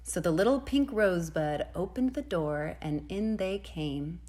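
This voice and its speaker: A woman preschool teacher reads a storybook aloud to young children. Her gentle, expressive delivery rises and falls with lively pitch, and she drops to a soft hush for sound effects. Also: unhurried, few pauses.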